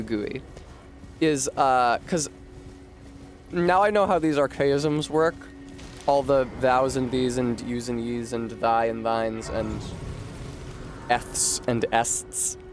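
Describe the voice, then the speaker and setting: A man streaming a video game, chatting casually with viewers in a rambling, profane way. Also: mid-range voice. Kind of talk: casual chat while gaming.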